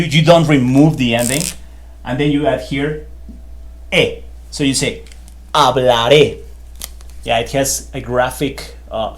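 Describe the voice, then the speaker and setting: A man teaching a beginner Spanish grammar lesson in a chatty, loose way, full of fillers and repeated phrases. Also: mid-range voice. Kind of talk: casual whiteboard lesson.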